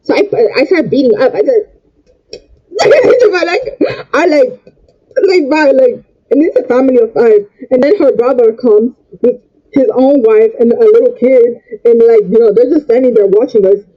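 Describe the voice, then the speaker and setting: A man's voice: very high-pitched, normal speed, mellow, muffled recording. A young man telling a storytime rant in an agitated way, repeating and stumbling over his words. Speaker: vlogger.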